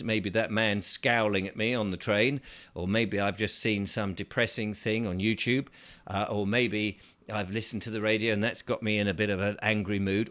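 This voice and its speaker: A man's voice: lowish voice, fairly bright tone. A man, hosting his own channel in a casual, upbeat monologue and acting out little voices. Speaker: channel host.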